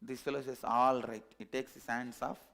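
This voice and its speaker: A man, a spiritual teacher telling a parable in a discourse, animated and chuckling at his own jokes. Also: mid-range voice, a little fast, vocal fry.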